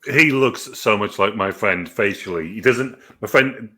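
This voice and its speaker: An English man talking casually as co-host of a film review show. His voice sits low but sounds bright and forceful. He rambles along with plenty of fillers. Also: a little slow. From England. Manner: chatty and rambling, with lots of fillers. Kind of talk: casual chat.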